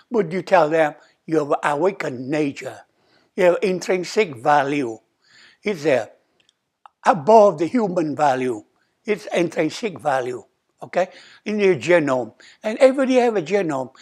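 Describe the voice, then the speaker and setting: This older man's voice is on the high side, animated and a little mellow, moving at a normal speed. He's an abbot preaching in a temple hall in plain, repetitive non-native English, frequently asking "okay?" and acting out quotes with rising emphasis.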